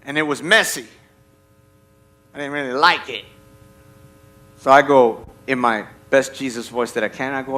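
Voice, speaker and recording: A man preaching a sermon as a lively story, acting out voices and checking in with the audience. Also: mid-range voice, moderate pace, pauses often. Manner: animated, acts out voices in his stories.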